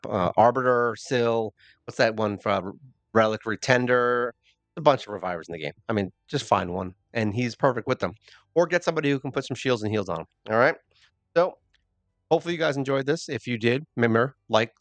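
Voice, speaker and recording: A man's voice: medium pitch, fairly bright tone, dry recording. A man hosting a mobile gaming channel, rambling through casual game commentary with self-deprecating jokes.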